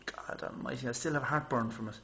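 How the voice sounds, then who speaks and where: A fast-talking man with a mid-range voice vlogs to his camera, rambling casually through stories with a little hiss or hum in the audio. His manner is chatty and animated, and he does raised-voice impressions of people.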